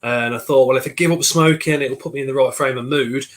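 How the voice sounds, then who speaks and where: A man's voice: medium pitch, steady tone, fast talker. A man, hosting a casual live stream from his kitchen, greeting viewers by name while getting over a cold. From Coventry, England. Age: 40s. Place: home kitchen.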